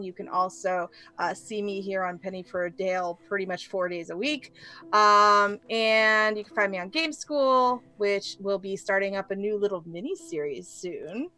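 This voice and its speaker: A woman's voice: mid-range voice, bright, forceful tone. A woman who plays regularly on a tabletop role-playing stream, signing off in an upbeat, chatty way. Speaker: regular player and co-host. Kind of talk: casual stream sign-off.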